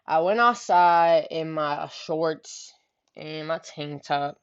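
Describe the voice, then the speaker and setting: In a slow, smooth, low-pitched voice, a woman rambles through a story full of slang and cursing, regularly tossing in "you know what I'm saying." It's a slightly muffled lo-fi recording.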